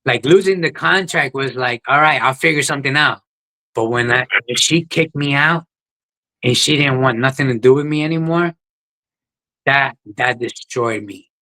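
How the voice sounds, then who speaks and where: A man's voice: medium pitch, normal speed, bright, forceful tone, rough recording. A man, a podcast guest telling his life story in a plain-spoken, earnest way. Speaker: guest, ultra runner. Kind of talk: podcast interview, personal story.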